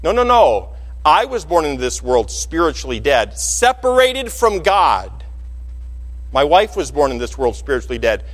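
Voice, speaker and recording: A man's voice: a little high, very animated, moderate pace, fairly bright tone, in a large hall. A man preaching a sermon as pastor, telling the story with animation and acting out the quoted voices. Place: church sanctuary.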